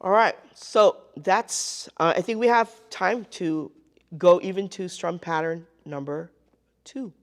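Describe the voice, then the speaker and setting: A woman's voice: lowish voice, slow. A woman teaching a live group ukulele lesson, counting beats aloud and checking in with the class. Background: ukulele playing.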